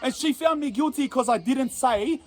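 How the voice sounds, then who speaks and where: A man's voice: very high voice, normal speed, darkish tone. A man with an Australian accent telling a rambling, profane story in casual slang and laughing at himself. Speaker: storyteller in an interview clip.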